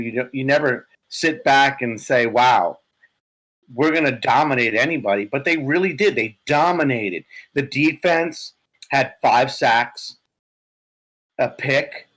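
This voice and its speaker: A man co-hosting a sports podcast, talking excitedly and profanely about his team's win, his voice a bit hoarse. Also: medium pitch, poor audio. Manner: animated, profane, laughing. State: hoarse from yelling. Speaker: podcast co-host, Giants fan.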